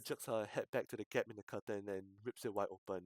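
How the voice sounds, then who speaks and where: A male streamer reading a visual novel aloud, breaking off into loud outbursts and swearing. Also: on the low side, steady tone, fast talker, few pauses, dry recording. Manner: reads text with sudden loud outbursts and swearing.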